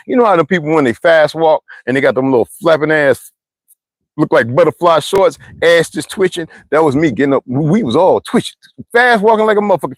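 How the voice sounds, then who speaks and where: Animated, profane man telling wild stories. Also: no echo. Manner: animated, profane, rambling with frequent asides; swings wildly between low mutters and high exclamations. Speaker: channel host. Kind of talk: casual storytelling monologue.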